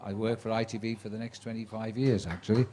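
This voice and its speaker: This seventy-something sports commentator spins anecdotes from his career before a live crowd, his dry humour sharpened by acted-out quotes. He speaks fast in a warm, lower-pitched voice with fairly even intonation.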